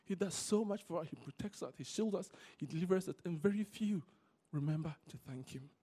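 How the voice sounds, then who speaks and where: A man preaching a sermon, repeating key words for emphasis and telling stories in an animated way. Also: on the high side, fairly quick, husky. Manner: animated storytelling.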